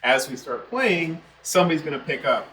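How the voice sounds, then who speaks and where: A man hosts a casual interview, asking questions and agreeing in an easy way. His voice is mid-pitched. It sounds echoey, with a crowd of voices in the background. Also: animated, fairly quick, distant mic. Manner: friendly questions, easy affirmations. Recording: roomy with crowd chatter behind.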